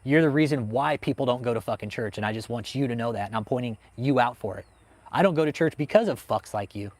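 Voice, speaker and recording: He speaks fast at a medium pitch, and the recording is dry. As host of a cults livestream, he reads chat and fires back with a constant barrage of profanity in a heated rant.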